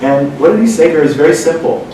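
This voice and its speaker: A man's voice: a little high, fast. A man telling a personal story in a casual chat, rambling and correcting himself as he goes. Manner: rambling, self-correcting, animated when quoting others. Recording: echoey room from far off with noise.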